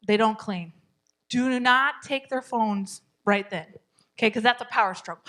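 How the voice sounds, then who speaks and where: A woman teaching a parenting class at a church, speaking with a somewhat high voice. She keeps circling back to the same advice to drive it home. Her manner is encouraging, and light laughter runs through her teaching. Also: lively intonation, moderate pace, pushed and bright. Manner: encouraging, repeats key points, laughs often. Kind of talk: live parenting class talk.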